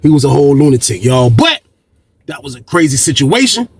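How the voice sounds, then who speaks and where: A man's voice: medium pitch, sing-song, fairly quick, breathy edge, no room sound. A man hosting a storytelling video, talking casually and profanely, acting out quoted voices and repeating "man" a lot. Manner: profane, repetitive, keeps saying "man".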